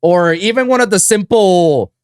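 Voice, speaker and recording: A man hosting a casual podcast chat, animated and swearing freely, with lots of fillers. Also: sits high, moderate pace, clean tone, no echo, studio quality. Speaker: podcast host.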